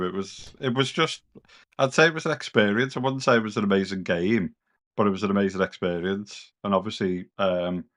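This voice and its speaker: Fairly low-pitched with a reasonably bright tone, this British gaming-podcast co-host talks in a casual, meandering way. His speech is loose and somewhat sweary, heavily sprinkled with "kind of."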